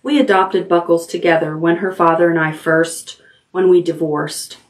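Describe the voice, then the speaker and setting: A woman reading the lines of a kindly, slightly awkward middle-aged aunt in a gentle, earnest voice. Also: on the low side, steady tone, normal speed, far from the mic, lightly acted.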